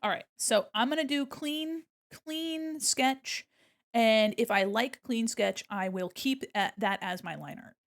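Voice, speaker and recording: Woman streamer, casual drawing chat, unhurried, gravelly edge, joking asides. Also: on the high side. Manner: chatty and jokey, talking to herself while working; bursts of laughter and silly asides.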